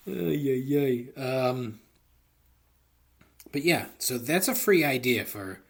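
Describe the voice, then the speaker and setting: A man's voice: mid-range voice, animated, extremely slow, vocal fry, pauses often, slightly rough. A man hosting a solo comedy podcast, rambling profanely into a close microphone and laughing at his own jokes. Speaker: podcast host. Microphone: close studio microphone.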